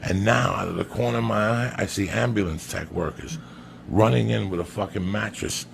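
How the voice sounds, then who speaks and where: A man telling a long personal story on a podcast in a profane, animated way. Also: lowish voice, a little fast, gravelly, a little hiss or hum. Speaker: podcast guest. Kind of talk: storytelling anecdote.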